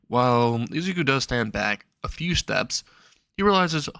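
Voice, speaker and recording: A man's voice: medium pitch, moderate pace, dry recording. Young male narrator, loose and rambling, dry close mic. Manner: casual, rambling, laughing asides. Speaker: fan fiction narrator. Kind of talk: casual storytelling.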